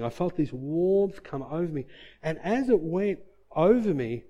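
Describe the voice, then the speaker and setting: A man's voice: fairly high pitch, highs cut off. A middle-aged man sharing a personal faith testimony in an earnest, emotional way, with many fillers and reenacted quotes.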